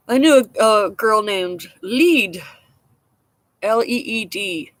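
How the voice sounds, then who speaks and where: A woman chatting casually to her live-stream viewers from outside in a damp garden. She rambles, pokes fun at herself and chuckles often, with the odd cough. Her voice sits at an ordinary middle pitch, close and dry. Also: lively intonation, takes it slowly, fairly bright tone, no echo. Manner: rambling, frank, self-mocking, chuckles often. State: coughing now and then. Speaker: livestream host chatting with viewers.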